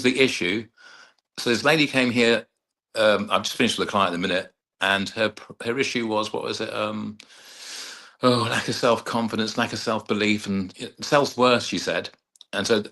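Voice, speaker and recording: Bright-toned man telling client stories. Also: lowish voice. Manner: rambling storyteller who acts out client dialogue. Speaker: hypnotherapist and mind coach, guest. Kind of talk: casual anecdotal interview talk.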